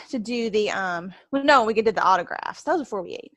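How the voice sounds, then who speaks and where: A woman's voice: medium pitch, lively intonation, fairly quick, dry recording. A woman co-hosting a podcast in casual chat, recounting events in a rambling way, quoting herself and laughing often. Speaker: podcast co-host.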